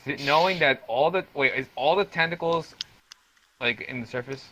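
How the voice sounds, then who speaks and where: A man playing a tabletop game, brash and excitable as he announces his moves. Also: a little high, moderate pace, a little hiss or hum, low-quality recording. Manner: excitable, brash, laughing often. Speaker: player. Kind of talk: casual game chat.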